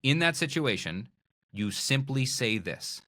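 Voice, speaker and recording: A middle-aged man, a magician and speaker, talking as a podcast guest in a playful, animated way that acts out little scenes of dialogue. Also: mid-range voice, unhurried. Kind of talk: animated conversational interview.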